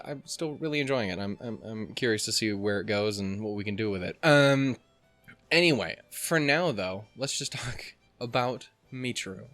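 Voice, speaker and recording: A man hosting a let's play, chatting and reading in an excitable, jokey way with lots of swearing. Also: lowish voice, no room sound. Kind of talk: casual let's play commentary.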